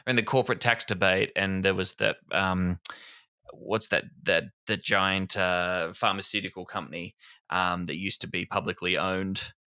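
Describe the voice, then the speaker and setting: A man's voice: low voice, steady tone, normal speed, bright, forceful tone, clear, resonant tone, no room sound, studio quality. A young man co-hosting a casual political podcast, sweary and ranting, his voice climbing when angry. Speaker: podcast co-host.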